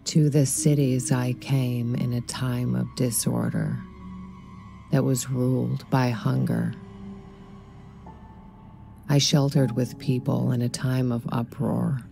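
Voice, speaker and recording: A woman reads a poem in an extremely deep, gravelly voice. Her delivery is flat, solemn and very slow, and she sounds dark and mellow. Faint music plays underneath. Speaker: poetry reader. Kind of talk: slow poetry reading.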